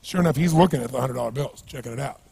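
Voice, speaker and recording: A man giving a motivational seminar talk to a live audience, energetic and emphatic, telling stories and asking the crowd rhetorical questions. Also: mid-range voice, racing, creaky, slight background noise. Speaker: motivational speaker.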